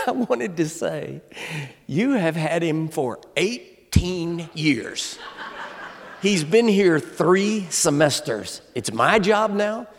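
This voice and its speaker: An older man in his seventies delivers a humorous sermon in a high, bright voice. He tells his stories with comic timing and lets the big lines ring out as shouts. His voice carries long reverb from a large church sanctuary. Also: very animated, slow. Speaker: guest preacher.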